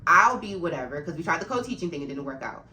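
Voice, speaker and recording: A woman's voice: low-pitched, very animated, fast, pushed and bright, slight background noise. A woman who works as an after-school program supervisor tells a work story straight to camera, getting heated, blunt and swearing freely as she vents.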